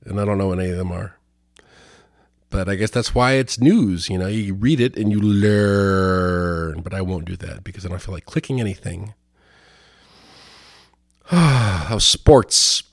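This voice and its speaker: A man with a fairly low voice riffs on news headlines in casual, rambling commentary. His tone is sardonic and profane. The sound is dry and close, with no room in it. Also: unhurried, long pauses, no echo. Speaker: host.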